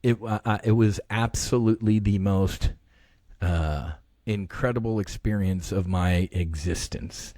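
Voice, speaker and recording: A man in his fifties, a podcast guest telling a personal story in an earnest, halting way, often restarting his sentences. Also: fairly low pitch, dark tone, no room sound, studio quality. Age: 50s.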